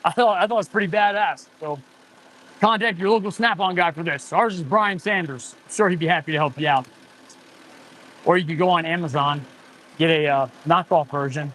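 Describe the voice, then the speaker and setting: A man's voice: a little high, brisk, a bit bright, a little hiss or hum. A man in his forties, an auto mechanic hosting a casual livestream, rambling and answering viewer chat as he goes. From United States.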